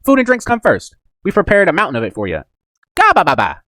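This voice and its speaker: A man's voice: sits high, huge pitch swings, quick pace, pushed and bright, dry recording, studio quality, exaggerated voice. A man reading aloud as a hearty, boisterous male giant warrior with a jolly laugh.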